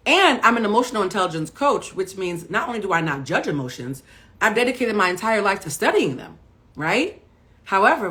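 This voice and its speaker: A woman's voice: on the low side, fairly bright tone. A middle-aged woman coaching viewers on a live stream, blunt and profane, firing rhetorical questions like a preacher. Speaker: emotional intelligence coach.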